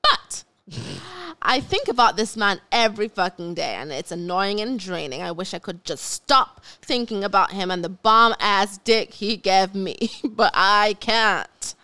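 A young woman in her twenties, a podcast co-host chatting candidly and reading a listener letter aloud, animated and quick to laugh. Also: medium pitch.

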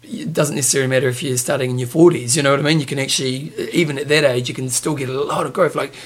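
Fast-talking male co-host. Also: medium pitch, fairly even intonation. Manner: joking, fast and chatty. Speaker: podcast co-host. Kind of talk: casual banter.

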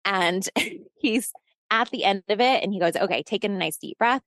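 A woman's voice: mid-range voice, moderate pace, no echo, studio quality. A woman guest telling a personal story in casual conversation, acting out the dialogue, swearing and laughing as she goes. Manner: animated storyteller who acts out quoted dialogue. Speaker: podcast guest.

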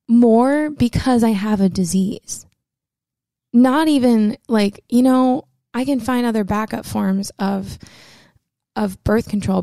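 A woman's voice: a little high, vocal fry, mellow, dry recording. A young woman telling a personal story to camera, candid and emotional, chatty with many fillers and close to tears at times. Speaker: vlogger.

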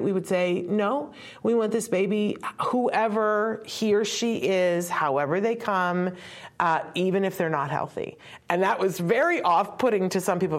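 Woman in her 50s, author and parent, giving a live storytelling talk with asides, close to tears, lowish voice.

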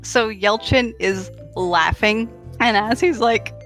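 A woman narrating a tabletop role-playing game in a giggly, animated storytelling manner. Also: mid-range voice, takes it slowly, soft background music.

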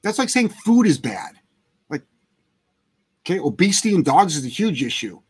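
A man's voice: a little high, very animated, moderate pace, breathy edge. A man hosting a casual live chat as a dog trainer, talking bluntly and emphatically with plenty of swearing. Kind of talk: casual livestream chat answering viewer questions.

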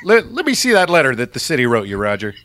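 A man's voice: mid-range voice, wildly swooping pitch, quick pace, fairly bright tone, no room sound. A man doing a skeptical Chicago guy. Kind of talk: improv comedy scene.

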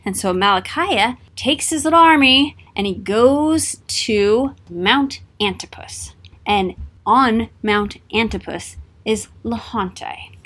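Woman, storyteller, playful, casual retelling, fairly high voice. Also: fairly bright tone.

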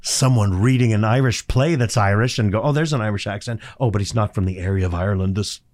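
A middle-aged man with a raspy, textured voice, chatting as a voice actor guest on an interview show and telling stories with sarcastic asides. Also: lowish voice, fast talker. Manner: animated storyteller, sarcastic asides. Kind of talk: casual interview chat.

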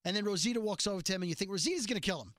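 High, bright-voiced man recapping a show. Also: dry recording, studio quality. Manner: animated retelling with quick quoted voices. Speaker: podcast host recapping a TV episode. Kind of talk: casual chat.

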